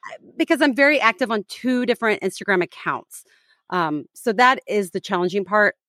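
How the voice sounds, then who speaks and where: A woman's voice: medium pitch, expressive, a little fast, a bit bright, dry recording. Chatty woman podcast host, dry sound. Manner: chatty, teasing, lots of fillers and restarts. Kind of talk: casual chat.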